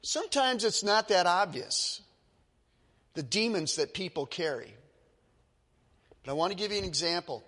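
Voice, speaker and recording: A male pastor preaches with emphatic, dramatic storytelling, building to forceful peaks. His voice sits high and bright, and a long hall reverb trails behind every phrase. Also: expressive, moderate pace, pauses often, slight background noise. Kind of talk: sermon.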